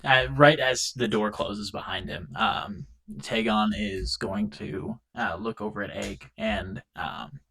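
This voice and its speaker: Slow, gravelly man playing a tabletop game. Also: fairly low pitch, fairly bright tone. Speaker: player.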